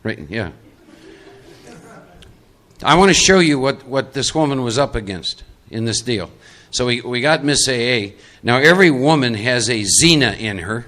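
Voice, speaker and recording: A middle-aged man from Texas holds forth at a live recovery workshop. His voice is bright and forward, and he coaches people from the audience into roles. He drives his points home by repeating them. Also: mid-range voice, expressive, moderate pace. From Texas, USA. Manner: emphatic, repeats key points.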